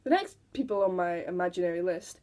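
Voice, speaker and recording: A woman's voice: on the low side, lively intonation, a little fast, mellow. Chatty teen girl vlogger. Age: teens. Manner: chatty, giggly, mimics people in quoted voices. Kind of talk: casual storytelling to camera.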